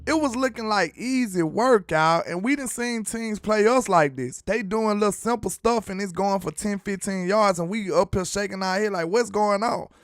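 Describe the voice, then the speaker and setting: Animated, slangy male fan-show host. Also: sits high, normal speed, few pauses, dry recording, clean studio sound. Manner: animated, slangy, talks to viewers as y'all. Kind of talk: casual fan commentary with clips.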